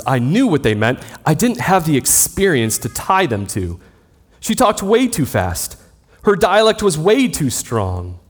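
A man in his thirties delivering a sermon like he is chatting with friends. His pitch swings widely as he tells stories and reads from scripture. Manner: conversational storytelling preacher. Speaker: pastor.

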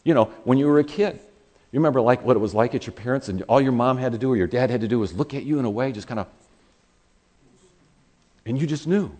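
A man preaching a sermon, conversational and animated, telling a personal story and acting out quoted voices. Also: mid-range voice, fast talker, pauses often.

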